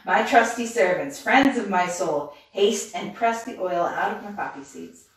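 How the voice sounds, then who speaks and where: Lady putting on a grumpy old storybook witch, slow and snarly, mic sits far off in an echoey room. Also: mid-range voice, animated, lightly acted. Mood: menacing. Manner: slow, grinding, archaic speech. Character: old female witch, fierce and snappish. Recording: roomy, distant mic.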